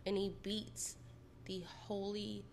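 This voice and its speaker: A woman's voice: medium pitch, monotone, takes it slowly, creaky, darkish tone, a little hiss or hum. A woman telling her own story in a casual, candid and profane way.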